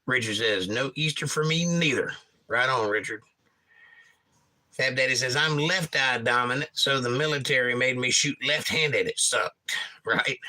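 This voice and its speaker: A man's voice: mid-range voice, a little slow, pushed and bright. A middle-aged man hosting a casual livestream, reading viewer comments aloud and joking about them. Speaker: livestream host reading chat.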